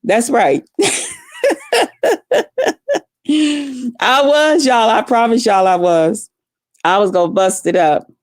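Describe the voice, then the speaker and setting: A woman vlogger telling a story in a profane, animated, dramatic way, casual and blunt. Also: a little high, takes it slowly, pauses often, no room sound, clean studio sound.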